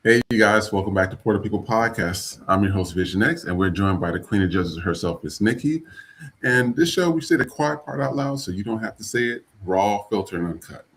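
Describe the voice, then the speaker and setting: A man's voice: fairly low pitch, lively intonation, brisk, fairly bright tone, a little hiss or hum. A man hosting a live podcast, talking bluntly and profanely in a rambling, casual way with many restarts. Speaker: podcast host.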